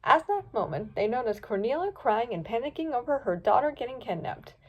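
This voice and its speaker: Lively woman reading a story aloud. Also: brisk, dull audio. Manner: lively, voices each pup and hawk with pitch jumps. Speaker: fanfiction reader. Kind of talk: storybook read-aloud with character voices.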